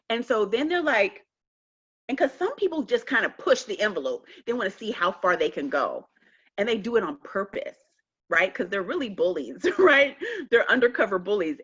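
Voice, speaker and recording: A woman speaking emphatically on a virtual call, telling stories with lively acted-out quotes. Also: on the high side, lo-fi sound. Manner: emphatic, animated storytelling. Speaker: guest speaker. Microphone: video call.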